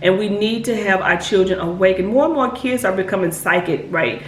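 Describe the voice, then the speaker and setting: A woman's voice: medium pitch, brisk. Earnest woman in an echoey room. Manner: earnest, repetitive, checks in with listeners. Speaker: hypnotist and spiritual advisor. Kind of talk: casual advice talk to camera. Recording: echoey room with faint background noise.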